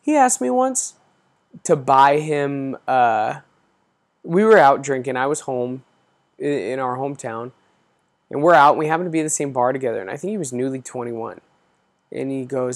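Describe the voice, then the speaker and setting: A man's voice: mid-range voice, animated, normal speed, long pauses. Profane, ranting podcast man. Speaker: podcast host. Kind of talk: casual storytelling monologue.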